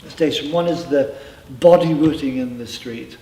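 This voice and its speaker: A man's voice: mid-range voice, normal speed, vocal fry, warm tone. A middle-aged man talks through his personal story in an interview, thoughtful and now and then emphatic. His voice sits in a mid range. It was recorded from a distance in an echoey room with a faint hum of ambience behind it. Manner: reflective, with emphatic asides. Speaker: interviewee, former member telling his story.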